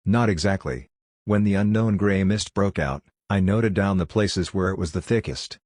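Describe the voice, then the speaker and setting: A man voices a calm chief who speaks with quiet knowledge. The tone is very deep and measured, and the recording dry and close. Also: no room sound. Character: calm older male chief, knowing.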